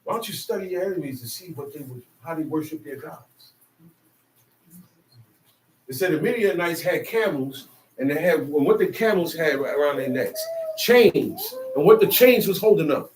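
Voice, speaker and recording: A man preaches in an emphatic, colloquial call-and-response style, pitching questions for his listeners to answer. His voice sits a little high and lands from a distance, ringing in an echoey space over faint ambient noise. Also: animated, normal speed. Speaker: street preacher.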